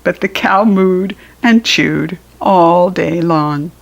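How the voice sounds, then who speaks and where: A woman reading a children's picture book aloud in a gentle manner, talking straight to young listeners and often dropping into a whisper. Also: lowish voice, slow, vocal fry, rough recording.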